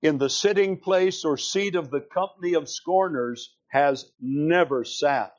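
A man preaching an expository sermon, explaining scripture slowly and with emphasis. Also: a little high, muffled recording. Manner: slow, deliberate, emphatic reading of scripture.

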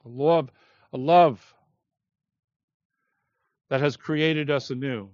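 A man preaching an expository sermon, stressing his points with deliberate, emphatic repetition. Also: medium pitch, darkish tone, no room sound, muffled recording.

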